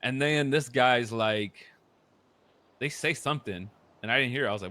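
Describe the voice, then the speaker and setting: A young man casually recounting a roleplay story, profane and animated, dropping into low mutters when quoting people. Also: a little fast, slight background noise. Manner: profane, animated, quotes others in muttered voices.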